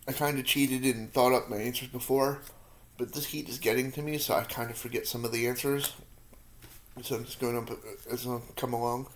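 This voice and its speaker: Medium-pitched, a man in his thirties rambles through viewer questions with self-deprecating humor while eating hot peppers. His mouth is sometimes full, and he's feeling the spicy heat.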